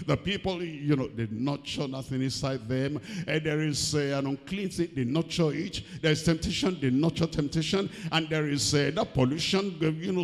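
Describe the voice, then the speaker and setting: Male preacher, emphatic and repetitive sermon delivery, long room reverb. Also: fairly high pitch. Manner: emphatic, repeating key phrases.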